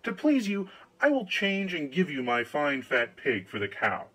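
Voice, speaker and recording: A man voicing an obliging village butcher who talks in a measured, falsely modest way. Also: fairly high pitch, wildly swooping pitch, a bit bright, exaggerated voice.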